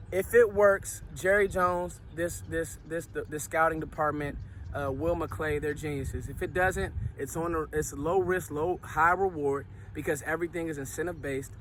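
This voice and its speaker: A man's voice: on the high side, slight background noise. Breathless man vlogging after a workout. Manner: animated, repetitive restarts, slangy. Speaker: sports vlogger. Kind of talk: casual football commentary vlog.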